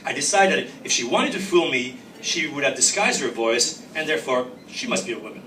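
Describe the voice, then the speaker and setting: Man reading his fiction, wry and bright. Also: medium pitch, lively intonation, a little fast, a little hiss or hum. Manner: wry, reflective, first-person narration. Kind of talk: live literary reading. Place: reading venue. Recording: roomy, distant mic, faint ambience.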